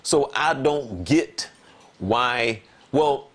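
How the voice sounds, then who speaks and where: A man in relaxed conversation on a talk show, telling a personal story. He leans on words and repeats them for emphasis. When he acts out what he said, his voice leaps up animatedly. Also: medium pitch, extremely slow. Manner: animated, voice jumps up when quoting himself. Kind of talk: casual conversation.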